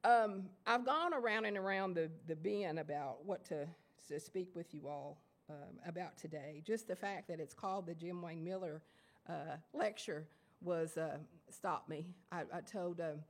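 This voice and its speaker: A woman with an Appalachian Kentucky accent giving a lecture to an audience of writers, self-deprecating and halting, with many fillers and restarts. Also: on the low side. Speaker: guest lecturer. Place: lecture hall before an audience.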